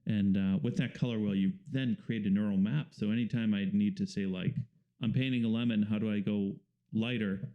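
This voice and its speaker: A man, a painter and the guest, talking casually in an interview and explaining things in a relaxed, rambling way with fillers. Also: fairly low pitch, fairly quick, lo-fi sound.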